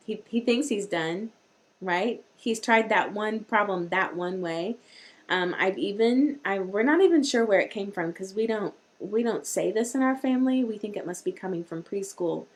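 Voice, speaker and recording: A woman hosts a live-streamed parenting talk in a chatty, rambling way. She often restarts her sentences as she goes, and her voice sits at an ordinary middle pitch. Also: moderate pace. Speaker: host.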